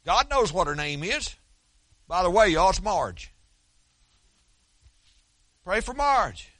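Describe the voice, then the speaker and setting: A male pastor with an Oklahoma accent preaching a sermon in a folksy, talkative way. His voice sits a bit high and sounds bright and forceful. The recording is dry, with no room echo. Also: very animated. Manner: folksy, conversational, quick with restarts.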